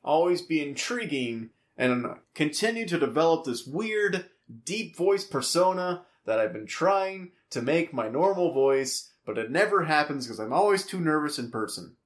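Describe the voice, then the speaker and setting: A man co-hosting a podcast in casual banter, jokey and quick to laugh. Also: on the high side, expressive. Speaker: podcast co-host.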